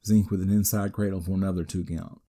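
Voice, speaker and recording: A deep-voiced man hosts a wrestling podcast, talking fast as he gives a steady, matter-of-fact play-by-play recap. Now and then he drops in a dry aside.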